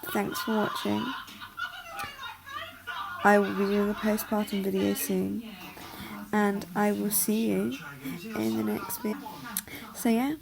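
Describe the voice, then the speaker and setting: A woman's voice: mid-range voice, flat delivery, slow pace, gravelly, long pauses, a crowd in the background. A woman in her late teens, a new mother vlogging from her bedroom at home, tired and short of breath, chatty and apologetic with many ums. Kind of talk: casual vlog chat.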